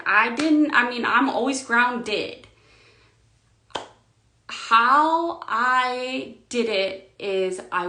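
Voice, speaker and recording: A woman giving a spiritual coaching monologue, slow and emphatic, often sinking to a hushed whisper. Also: medium pitch, reverberant.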